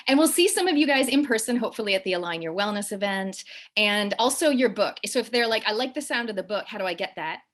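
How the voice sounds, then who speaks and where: Fast-talking Canadian woman host. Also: medium pitch, expressive. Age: late 40s. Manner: upbeat, chatty, quick. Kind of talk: casual livestream interview.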